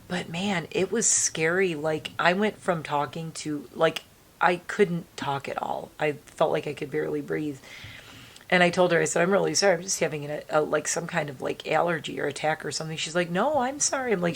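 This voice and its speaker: A woman's voice: low-pitched, creaky. A woman vlogger talking casually to her viewers in a rambling way, her throat strained by allergies. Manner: rambling, talks to viewers with restarts. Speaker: beauty vlogger. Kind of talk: casual chatty vlog. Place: indoors at home.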